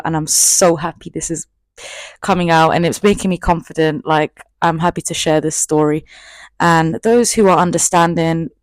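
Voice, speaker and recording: A woman's voice: sits low, a little mellow, dry recording. A woman in her twenties telling a personal story in a chatty, candid, self-mocking vlog. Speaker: vlogger.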